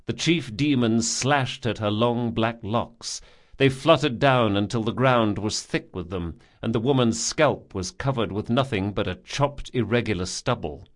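A man narrating a fantasy audiobook in a measured, grave storytelling manner. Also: medium pitch.

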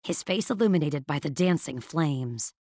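Female audiobook narrator, low-set voice, measured dramatic reading, dry studio sound. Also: animated, darkish tone, no room sound. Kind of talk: scripted fantasy narration.

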